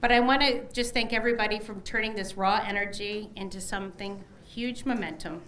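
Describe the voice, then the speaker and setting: A woman's voice: mid-range voice, fairly quick, fairly bright tone. A middle-aged woman, a newly elected candidate, gives an emotional, effusive election night victory speech at a headquarters party, thanking many people.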